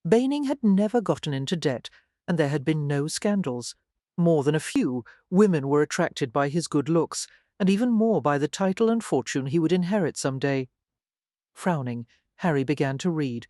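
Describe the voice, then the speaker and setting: A woman's voice: low voice, warm tone, dry recording. Woman narrating a romance audiobook, dry sound. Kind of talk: scripted narration.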